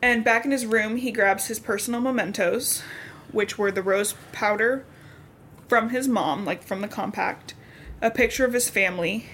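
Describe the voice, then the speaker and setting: A woman's voice: mid-range voice, normal speed, fairly bright tone, slight background noise. A young woman co-hosting a podcast, casually recapping a novel and acting out the characters' lines as she goes. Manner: chatty, acts out dialogue in quotes. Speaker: podcast co-host.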